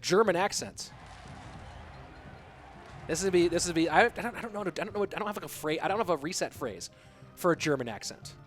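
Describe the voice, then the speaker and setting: A man with a rather high voice casts a live game match for a stream. He calls the action in a playful, joking way and talks straight to the chat, with faint music running underneath. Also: animated, fast talker, pauses often. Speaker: esports commentator.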